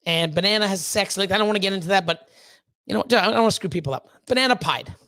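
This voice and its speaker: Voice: mid-range voice, fast talker, a bit bright. Blunt, swearing reptile breeder on a livestream. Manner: blunt, profane and heated, with many restarts; emphatic repeated pleading. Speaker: reptile breeder and channel host. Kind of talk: casual livestream talk to chat.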